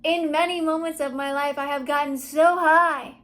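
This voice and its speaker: A young woman with a high, light voice speaks to camera in a confessional vlog. She sits at home and muses in a dreamy, soul-searching way, drifting from hushed asides to bright, excited bursts. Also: moderate pace, hardly any pauses. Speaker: vlogger. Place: at home, seated.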